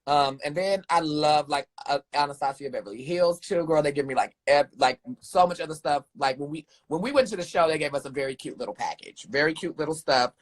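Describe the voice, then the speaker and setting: A young man, a drag performer guest in a casual live chat, animated and sassy, calling people "girl" and "honey". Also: a little high, a little fast, hardly any pauses.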